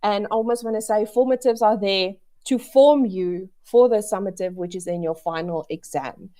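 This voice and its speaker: A woman's voice: mid-range voice, moderate pace, mellow. A woman presenting an education webinar, chatty and upbeat, with many fillers and restarts, on a video call. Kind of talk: casual presentation to an online audience.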